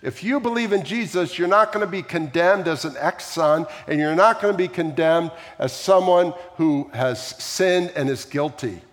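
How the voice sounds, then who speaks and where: A fairly high-voiced man delivers a sermon in a large sanctuary, his words ringing with a long hall reverb. He tells the story in an animated way and keeps throwing questions out to the congregation. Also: normal speed, few pauses. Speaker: pastor.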